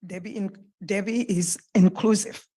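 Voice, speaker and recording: A woman with a French accent, a native French speaker, giving an earnest, halting public comment at a podium microphone in a council chamber. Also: medium pitch, steady tone, mellow. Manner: earnest, halting, with pauses and restarts. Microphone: podium microphone, close.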